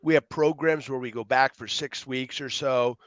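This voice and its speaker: A man being interviewed as a youth program co-founder, explaining ideas with lively acted-out quotes. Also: mid-range voice, moderate pace, no echo. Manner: animated storyteller, acts out quotes. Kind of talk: podcast interview.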